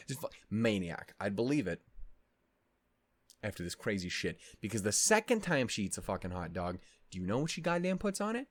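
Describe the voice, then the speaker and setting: A man hosting an anime discussion, talking in a casual, rambling rant full of profanity and mock outrage. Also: low voice. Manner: rambling with many fillers and restarts.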